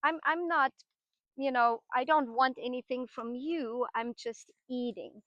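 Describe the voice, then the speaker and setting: Casting note: a woman putting on a casual, pushy male horse, breezy and offhand, high and airy, dry close sound. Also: unhurried, fairly bright tone, no echo, muffled recording. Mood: nonchalant.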